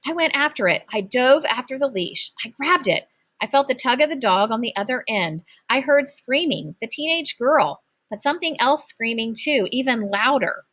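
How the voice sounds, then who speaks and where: A woman reads a children's chapter book aloud with expressive storytelling. Her fairly high voice moves through a wide, lively range of pitch. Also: moderate pace. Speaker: audiobook narrator.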